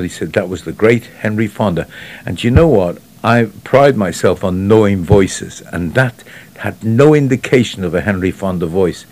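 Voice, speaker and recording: A man's voice: fairly low pitch, darkish tone, husky. A man chatting casually on the radio, telling rambling anecdotes that trail off. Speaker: radio guest on classic actors.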